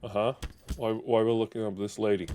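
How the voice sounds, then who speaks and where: A man's voice: lowish voice, little pitch movement, a little fast, warm tone, slight background noise. A man streaming a game live, chatting casually and thinking aloud with plenty of fillers. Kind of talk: casual live gameplay commentary.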